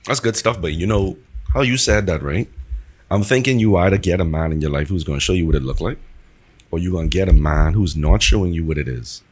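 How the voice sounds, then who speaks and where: Deep-voiced reflective man. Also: a little fast, breathy edge. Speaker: podcast guest. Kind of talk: casual podcast conversation.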